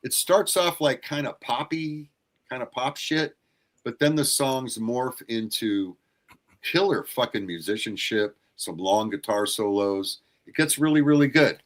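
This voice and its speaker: A man's voice: mid-range voice, measured pace. An older man talking casually about records on a livestream, blunt and given to swearing. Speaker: record collector co-host.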